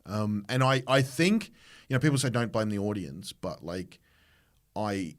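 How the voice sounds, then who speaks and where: Fairly low-pitched and a little slow, this Australian man's voice carries a rambling podcast anecdote. He's a comedian hosting the show, chatting casually with plenty of restarts and imitated voices.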